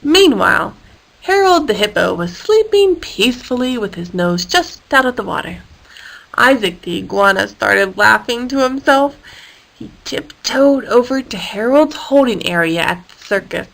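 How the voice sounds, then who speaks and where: A woman narrating a children's storybook in a lively, playful reading voice. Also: fairly high pitch, unhurried, creaky.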